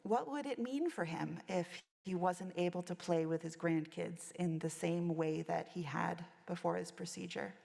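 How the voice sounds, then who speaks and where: A woman's voice: lowish voice, moderate pace, gravelly, few pauses, darkish tone. A woman minister giving a reflective sermon, telling a story from her chaplaincy work. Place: church sanctuary. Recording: long church reverb.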